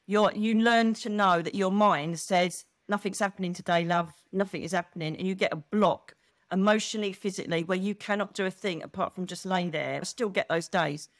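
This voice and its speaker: A middle-aged woman talks as a podcast guest, animated and expressive as she tells her stories. Her voice sits at an ordinary pitch for a woman. The sound is dry and close, with no room echo. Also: normal speed. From England. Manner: animated, expressive storyteller who acts out quotes. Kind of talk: casual chat.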